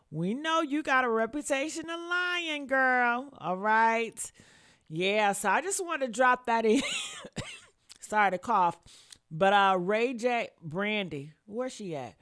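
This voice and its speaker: A woman's voice: sits high, pushed and bright, smooth. A woman hosting a celebrity gossip channel, talking in a sassy, blunt, scolding way.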